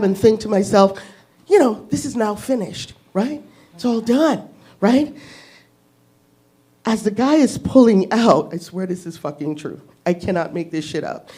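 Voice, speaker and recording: A woman in her fifties doing stand-up, telling a story in a brash, profane way and laughing at her own lines. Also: a little high. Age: 50s. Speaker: stand-up comic. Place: comedy club stage.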